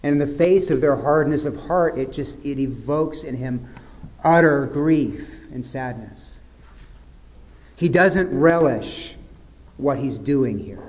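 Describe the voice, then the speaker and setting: A pastor delivers an earnest sermon. His voice sits in an ordinary male middle pitch and often sinks into soft, grave tones. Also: slow.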